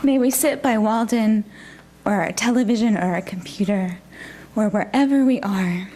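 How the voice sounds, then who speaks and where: A woman's voice: mid-range voice, slight background noise. Woman minister giving a reflective sermon. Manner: gentle, reflective, unhurried. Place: church.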